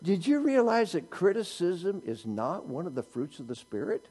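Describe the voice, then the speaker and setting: A man's voice: high voice, sing-song, normal speed, mellow, breathy edge. A male pastor preaching a sermon, asking the congregation rhetorical questions and teasing them with humor.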